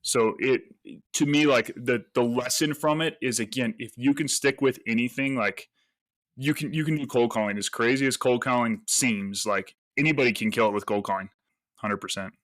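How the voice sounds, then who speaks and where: A man, a real estate agent, telling stories as a podcast guest in a lively, casual way and acting out the lines he quotes. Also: medium pitch, moderate pace, no echo. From United States. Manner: animated storyteller, acts out quoted voices. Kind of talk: casual interview talk.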